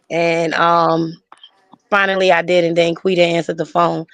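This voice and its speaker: A woman's voice: fairly low pitch, level tone, moderate pace, no echo. A woman recounting a painful memory in a casual conversation, speaking bluntly and emotionally and swearing freely. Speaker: friend sharing memories.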